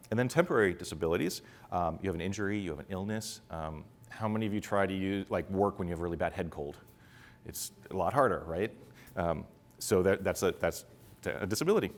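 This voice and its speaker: A middle-aged man giving a conference talk to a live audience, talking fast with many fillers and restarts. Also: low voice. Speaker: conference speaker.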